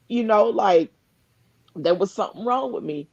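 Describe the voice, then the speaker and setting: A woman sharing a personal story over a live stream call, talking earnestly and haltingly, often restarting her sentences. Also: mid-range voice, expressive, darkish tone, no echo, highs cut off. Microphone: live video call.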